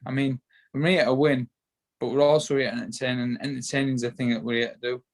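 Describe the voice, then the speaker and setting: The delivery is flat and fast in a mid-range voice from a Yorkshire-accented man. As a bare-knuckle boxer guesting in a casual interview, he rambles with many repeated words and restarts.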